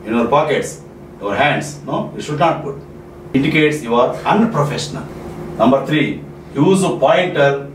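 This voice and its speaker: A man from India teaching soft skills, giving numbered presentation tips and repeating his key points for emphasis. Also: mid-range voice. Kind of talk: spoken lecture with numbered tips. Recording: echoey room, distant mic, faint noise.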